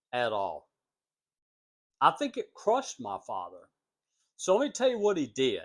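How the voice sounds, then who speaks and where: Slow-talking man with a wildly swinging voice. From United States. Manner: rambling, acts out quoted voices with big pitch jumps. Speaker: vlogger telling family stories. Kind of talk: casual storytelling monologue.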